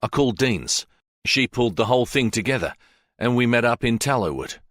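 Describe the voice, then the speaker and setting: A man voicing Ether, a brisk, commanding federal agent, in an audiobook. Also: mid-range voice, lively intonation, a bit bright, no echo, clean studio sound, natural voice.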